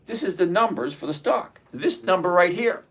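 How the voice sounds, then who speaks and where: A man's voice: sits high, lively intonation, moderate pace, fairly bright tone. A man hosting a live stock-trading stream, talking casually and lecturing his viewers with an exasperated, emphatic manner. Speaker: livestream stock trading host. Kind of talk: casual livestream commentary.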